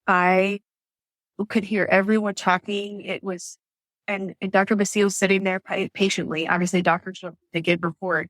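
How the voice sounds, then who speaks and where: A woman's voice: medium pitch, little pitch movement, normal speed, fairly bright tone, dry recording, low-quality recording. A woman guest on a podcast, telling her story in a chatty, casual way, often laughing and acting out what others said. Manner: chatty, lots of fillers.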